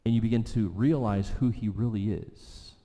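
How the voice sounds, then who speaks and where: A man preaching a sermon, his voice low-pitched and mellow. He presses his points and repeats key lines for weight. The sound rings with the long reverb of a large hall. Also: moderate pace. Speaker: pastor.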